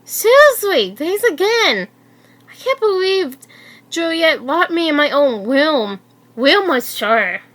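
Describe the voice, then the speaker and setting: A woman reading aloud and voicing an excitable teenage schoolgirl who is upset, in a high, emotional voice. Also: slow pace, full character voice.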